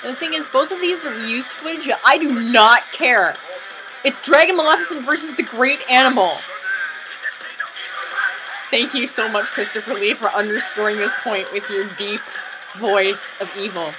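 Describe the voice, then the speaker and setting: A woman with a high voice talks through a fan video in a chatty, wry way, now and then bursting out excitedly. Clear music plays under her the whole time. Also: normal speed, rough recording. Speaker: video commentator. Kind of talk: casual comedic commentary over a fan video. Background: music from the video playing underneath.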